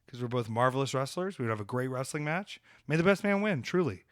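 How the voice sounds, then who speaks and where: A man's voice: mid-range voice, expressive, fast, no room sound. A man with a mid-range voice trash-talks on a podcast in a brash, comic, ranting way. The sound is dry and close on a studio mic. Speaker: podcast host and wrestler. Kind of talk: casual podcast chat.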